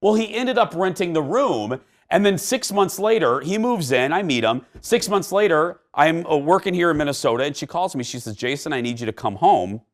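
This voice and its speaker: A man in middle age hosts a talk show from the studio, his voice rising and falling in lively swings. He chats and tells personal stories, often restarting and filling pauses with "uh" and "you know.". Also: a little high. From Indiana, United States. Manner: chatty, animated, with frequent fillers and restarts. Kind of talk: casual chat and storytelling.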